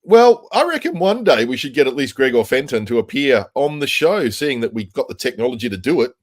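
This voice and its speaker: A man's voice: medium pitch, big pitch swings, brisk. An Australian man co-hosting a casual chat, bantering in a wry, easygoing way. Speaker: podcast co-host.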